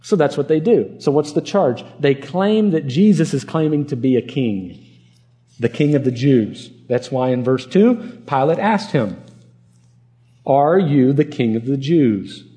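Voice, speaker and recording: A man's voice: a little high, expressive, moderate pace, warm tone. A man preaching an expository sermon, earnest and emphatic, repeating words for stress. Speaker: pastor.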